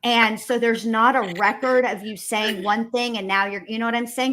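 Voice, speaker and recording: A woman co-hosting a casual commentary chat, reasoning in a measured, plainspoken way with folksy phrases. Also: fairly high pitch, steady tone, fairly bright tone.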